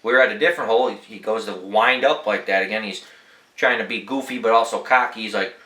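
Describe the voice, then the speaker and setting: A man's voice: lowish voice, moderate pace, sharp tone, roomy sound, rough recording. Young man swearing his way through a story. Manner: laid-back, profane, rambling anecdotes. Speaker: podcast host. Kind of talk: casual storytelling.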